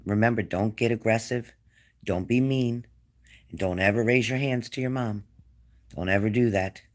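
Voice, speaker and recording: A man giving a spirit-medium reading to a client, gentle and coaxing, repeating his phrases. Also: on the low side, normal speed. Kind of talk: reassuring psychic reading to a client.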